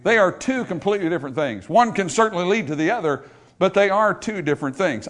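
Male preacher, high and very animated, delivering a church sermon; hushed scripture readings, booming emphasis. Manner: swings from hushed, drawn-out scripture quotes to loud, emphatic preaching. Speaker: pastor. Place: church in front of a congregation.

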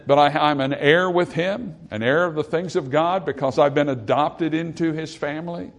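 The preacher's voice sits on the high side, steady in tone and moderate in pace. He reads scripture and breaks it down conversationally, using plain asides with fillers, and lets certain passages rise through repetition and intensifying emphasis.

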